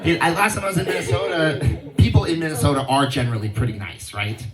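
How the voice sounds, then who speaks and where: Laid-back stand-up comic on stage. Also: male voice, on the high side, sing-song, fast talker, distant mic, over loud music. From Hawaii. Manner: laid-back storytelling, acts out quoted people in raised voices. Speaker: stand-up comedian. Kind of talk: stand-up comedy set. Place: outdoor venue with a live crowd. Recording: echoey, from off-mic, audible crowd.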